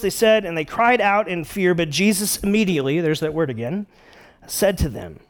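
Male pastor, middle-aged, relaxed joking sermon, voice sits a bit high. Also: a little fast. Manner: casual, joking, retells scripture with playful character voices.

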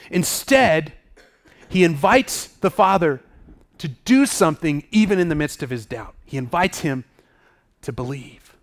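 A man's voice: a little high, expressive, unhurried. A man preaching a sermon as pastor, reading scripture and acting out the people in the story. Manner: dramatic, acts out the people in the story.

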